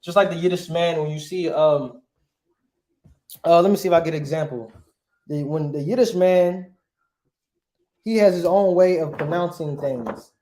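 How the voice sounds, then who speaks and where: A man's voice: a little high, normal speed, pauses often, mellow, roomy sound. A man teaching a lesson, asking rhetorical questions and punctuating points with emphatic asides. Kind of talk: classroom lesson.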